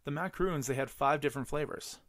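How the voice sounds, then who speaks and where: A man's voice: a little high, fast talker, a bit bright, no room sound, clean studio sound. A man co-hosting a podcast in casual chat, telling rambling stories full of swearing and filler words. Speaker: podcast co-host.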